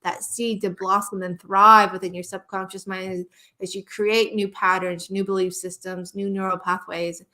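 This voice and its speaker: A woman's voice: medium pitch, level tone, normal speed, pushed and bright. A woman hypnotherapist speaking as a guest in a live-stream conversation, earnest and passionate, often restarting her sentences.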